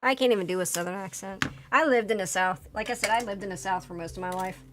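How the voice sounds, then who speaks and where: A woman's voice: medium pitch, quick pace. A woman with a Philadelphia accent, chatting casually as a streamer while building a model kit, rambling with lots of fillers and restarts. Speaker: VTuber streamer. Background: faint background music.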